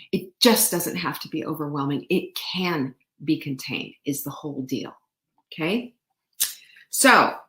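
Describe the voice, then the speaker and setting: Woman host, middle-aged, chatty and upbeat, motivational talk, echoey room. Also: medium pitch. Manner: upbeat, chatty, reads viewer comments, frequent laughs. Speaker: show host. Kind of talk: live-stream motivational talk. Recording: roomy echo.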